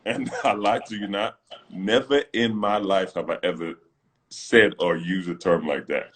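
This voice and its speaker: Deep-voiced man telling animated stories. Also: measured pace. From Britain. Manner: animated storyteller acting out quotes, laughing often. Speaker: co-host, former pro basketball player. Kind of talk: casual livestream chat. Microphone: phone on a live video stream.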